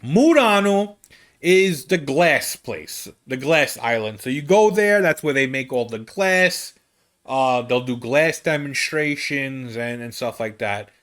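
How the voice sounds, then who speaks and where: A man, a comedian, telling a rambling travel story in an animated, casual way. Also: measured pace. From United States. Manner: animated, rambling, with big swings in pitch. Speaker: comedian host.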